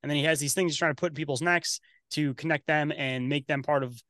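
A man's voice: a little high, steady tone, quick pace, fairly bright tone, dry recording, studio quality. A man talking as a podcast guest in casual conversation, blunt and profane with a conspiratorial edge.

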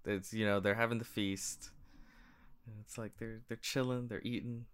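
A man's voice: on the low side, fairly even intonation, moderate pace, smooth. A man co-hosting a casual book chat podcast, sarcastic and profane, often stumbling over restarts. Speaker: podcast co-host.

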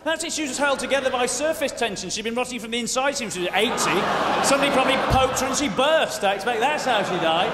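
A British man performing a stand-up comedy routine in a large theatre, quick and mock-indignant, breaking into shouted impressions. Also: very high-pitched, expressive. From Britain. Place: large theatre stage before a live audience. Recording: roomy, echoing hall with loud audience noise.

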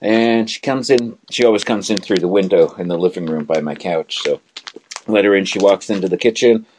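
Low-pitched dude rambling on about stuff from his bedroom. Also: a little fast, a little mellow, a little hiss or hum. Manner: rambling, easygoing storyteller. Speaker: co-host. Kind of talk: casual live-show chat.

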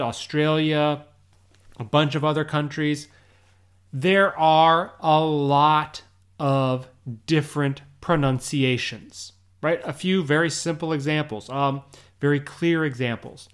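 An English teacher with an American accent talks through a podcast lesson for learners. The delivery is slow and unhurried, each point laid out step by step, with frequent small check-ins aimed at the listener. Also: mid-range voice. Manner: slow, deliberate explaining, often checks in with "right?".

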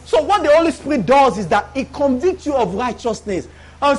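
A man's voice: extremely high pitch, big pitch swings, moderate pace. A man preaching a live sermon to a congregation in church, repeating words for emphasis and often asking the listeners if they follow.

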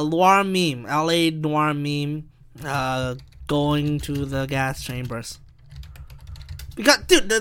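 High, bright-voiced rambling young man. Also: smooth. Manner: rambling, profane, self-interrupting. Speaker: podcast host. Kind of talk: rambling solo podcast monologue.

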